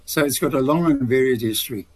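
A man's voice: mid-range voice, fast, darkish tone, poor audio. A retired man telling stories as a radio guest, rambling with many restarts. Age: older. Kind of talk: radio interview.

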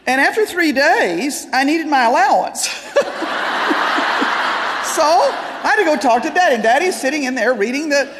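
A woman speaker telling a personal story in an animated way, with laughing asides, in a large hall. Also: sits high, moderate pace, long pauses, noisy background. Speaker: Christian speaker and author. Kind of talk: storytelling talk.

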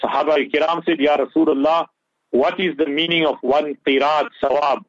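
A man's voice: fairly high pitch, fairly even intonation, normal speed, dry recording. Man, radio preacher, impassioned, mixes in urdu and arabic phrases, dry close sound, lo-fi radio audio. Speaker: radio presenter giving Islamic advice. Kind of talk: earnest religious talk on radio.

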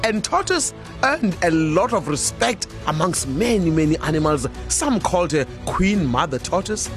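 A woman with a South African accent tells a folk tale slowly and playfully, laughing along as she goes. Soft music plays faintly behind her voice. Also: on the low side. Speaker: storyteller. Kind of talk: oral storytelling.

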